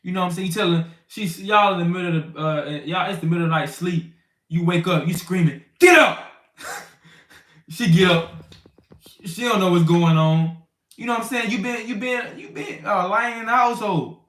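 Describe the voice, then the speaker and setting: A man gives an informal bible teaching, slangy and conversational, and acts out everyday scenes for the brothers. His voice sits a little high for a man. It is picked up from a distance and rings in a roomy space. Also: steady tone, fairly quick, fairly bright tone. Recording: roomy sound from a distant mic.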